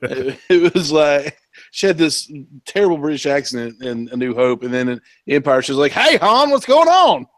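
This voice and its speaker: A man's voice: medium pitch, fairly even intonation, normal speed, no echo. A man co-hosting a comics podcast who talks through his thoughts hesitantly and laughs between points. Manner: hesitant, lots of restarts and laughing asides. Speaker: podcast co-host. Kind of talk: casual podcast discussion.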